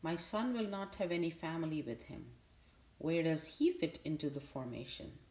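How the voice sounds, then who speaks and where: A woman voicing a gentle, steady female robot mother in a storybook reading. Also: low voice, natural voice. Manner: measured, plain, reassuring. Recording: roomy echo.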